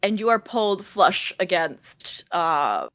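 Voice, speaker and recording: A woman's voice: medium pitch, lively intonation, slow pace, a bit bright, no room sound. A young woman casually narrating as game master of a tabletop role-play, with many fillers.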